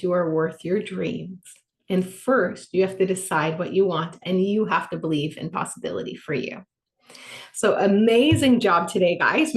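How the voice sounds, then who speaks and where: A woman's voice: medium pitch, reverberant. A woman hosting a live online business workshop as a coach, upbeat and encouraging in a motivational way.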